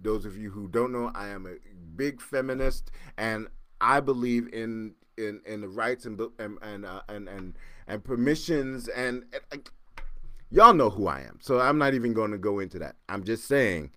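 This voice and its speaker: A man hosting his podcast, telling a story casually with lively repeats and acted-out sounds. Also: fairly low pitch, normal speed, dry recording. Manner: animated, repeats words and acts out sounds. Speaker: podcast host.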